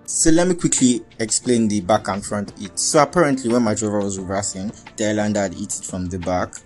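A young man with a Nigerian accent telling a wild personal story in a lively, profane way, dropping into Pidgin and Yoruba. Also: on the low side, brisk, soft background music. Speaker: vlogger. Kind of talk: casual storytelling.

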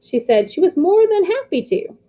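A woman reading aloud, voicing an eager, excited teenage boy telling a friend his news, on a slightly muffled recording. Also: very high voice, normal speed, pitched above the performer's own voice.

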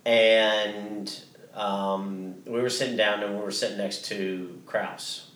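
A man's voice: on the low side, steady tone, slow, fairly bright tone, reverberant, recorded from a distance. A man co-hosting a podcast, telling a story in a casual, rambling way with many restarts and some swearing. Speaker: podcast co-host.

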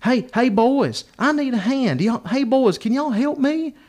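A man voicing a brash young mother who calls out to strangers in a high, drawling holler. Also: animated, a little slow, darkish tone. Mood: pleading. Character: brash rough young mother at a park, woman.

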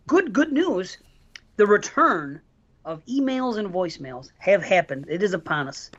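A man's voice: sits high, very animated, unhurried, a bit bright, highs cut off. A man hosting a casual podcast, reading listener mail aloud and chatting with his co-hosts. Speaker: podcast host.

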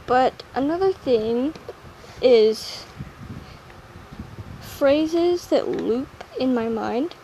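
A young woman hosting a solo podcast, talking in a playful, rambling, self-mocking way that jumps suddenly between loud and quiet. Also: sits high, animated, drawn-out words, long pauses, slight background noise, poor audio. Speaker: podcast host.

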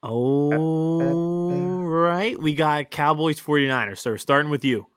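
A man's voice: fairly high pitch, takes it slowly, no echo, studio quality. A man hosting a casual sports podcast, laid-back and teasing, steering the segments along. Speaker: podcast host.

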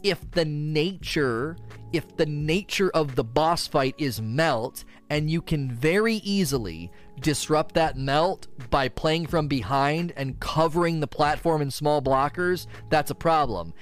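A man streaming casual gaming commentary, answering community questions in an animated, exasperated rant with frequent repetitions. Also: on the high side, unhurried, soft background music.

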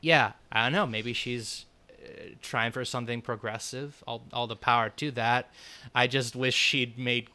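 A man co-hosts a casual movie review podcast, trading wry jokes and laughs. His voice is bright and forceful, with a smooth, crisp clarity. He sounds at ease and chatty. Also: mid-range voice, steady tone, unhurried. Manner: wry, laughs often, brief impressions. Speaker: podcast co-host.

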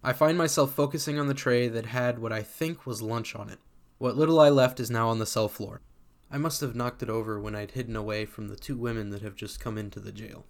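A man's voice: medium pitch, fairly even intonation, brisk. A man reading a first-person story aloud in a casual, sardonic voice that swears freely. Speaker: community reader.

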